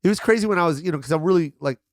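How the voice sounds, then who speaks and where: An animated middle-aged man chatting on a podcast, acting out every voice in his stories. His voice sits a little high for a man. The sound is close and dry, with no room around it. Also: racing, no room sound. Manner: animated storyteller, acts out quotes, swears freely. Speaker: guest comedian. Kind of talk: casual podcast chat.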